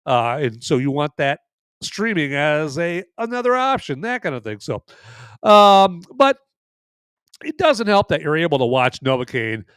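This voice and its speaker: A man's voice: fairly high pitch, big pitch swings, measured pace, fairly bright tone, clear, resonant tone, no echo. Male podcast host, casual and joking, dry close-miked sound. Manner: rambling and jokey, tacks on "right there". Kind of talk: casual live podcast chat.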